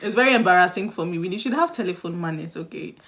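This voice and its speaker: A young adult woman giving casual dating advice in a chatty, animated vlog style, often acting out the voices she quotes. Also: lowish voice, fast. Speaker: vlogger.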